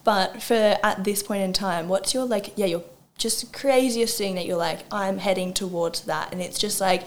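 A woman's voice: mid-range voice, normal speed. A woman hosting a podcast, asking questions and chatting along with lots of "like"s. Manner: warm, encouraging, frequent "like". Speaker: podcast host. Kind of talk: casual interview chat.

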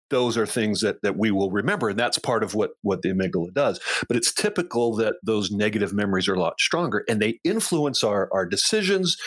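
A man's voice: fairly low pitch, fairly bright tone, dry recording. A middle-aged man, a coach, explaining ideas in casual unscripted conversation with frequent restarts and repeated words. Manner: halting, many restarts, explanatory. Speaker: coach and podcast co-host.

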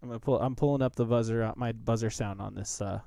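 A man's voice: medium pitch, steady tone, quick pace, gravelly, mellow, a little hiss or hum. A man co-hosting and producing a casual podcast, joking and teasing through a drinking game. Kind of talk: casual chat.

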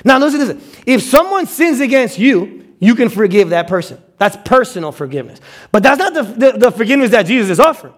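High-voiced animated male pastor. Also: fast. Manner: animated, acts out quotes with stammered repeats. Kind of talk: sermon.

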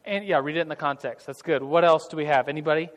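A man's voice: on the high side, fast talker, in a large hall. A man leading an interactive church group class, talking casually and jokingly with many restarts. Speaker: Bible class leader. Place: large hall with tables of listeners.

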